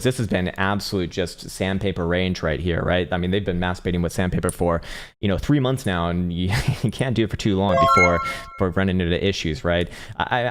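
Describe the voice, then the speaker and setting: Male live-stream market host with a lowish voice, casual, rambling and profane.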